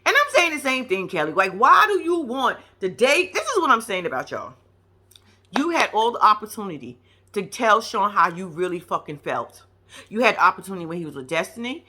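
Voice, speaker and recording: A woman's voice: medium pitch, very animated, a little fast, sharp tone. A woman giving casual reaction commentary on a reality show, blunt and profane, talking straight at the people on screen.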